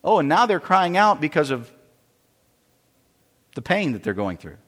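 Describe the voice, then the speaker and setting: In a large hall with long reverb, a man delivers a sermon as pastor, explaining scripture one verse at a time and often going back to repeat or restart what he's saying. He has a fairly high, fairly bright, sing-song voice at a moderate pace.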